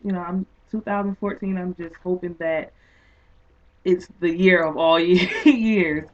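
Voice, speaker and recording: A woman's voice: fairly low pitch, a little slow. Woman guest, distant and phone-thin. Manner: excited, animated retelling with quoted speech. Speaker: guest author and poet. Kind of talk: casual storytelling in an interview. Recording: distant, tinny phone-like sound.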